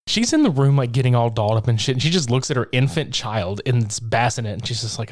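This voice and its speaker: A man on a podcast breezily walking through a horror film's plot, swearing freely. He laughs often and slips into quick impressions of the characters as he retells the scenes. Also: medium pitch, animated. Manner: profane, laughing, acts out lines from the film. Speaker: podcast co-host. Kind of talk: casual movie recap chat.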